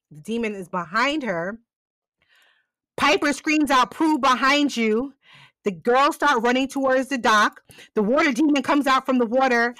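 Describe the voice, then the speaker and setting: High-voiced woman animatedly recapping a show. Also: dry recording. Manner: animated retelling, acting out characters' lines, frequent laughs. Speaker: podcast co-host recapping a TV episode. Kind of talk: casual recap chat.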